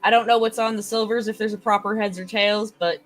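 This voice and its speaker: A woman's voice: medium pitch, steady tone, brisk, faint music behind. A woman playing a tabletop game, chatty and often laughing as she describes her character's actions. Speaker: player. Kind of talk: casual tabletop play.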